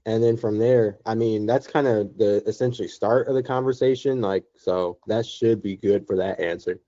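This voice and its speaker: A man's voice: on the low side, steady tone, normal speed, dark tone. A man on a sales team call, talking casually through an example question. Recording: muffled lo-fi call audio.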